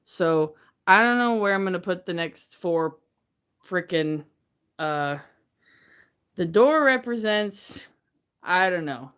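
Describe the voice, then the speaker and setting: A woman's voice: low-pitched, clean tone. A woman chatting casually on a livestream from her messy bedroom, rambling and getting hyper, talking into her phone. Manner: rambling, gets hyper and excitable. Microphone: phone camera.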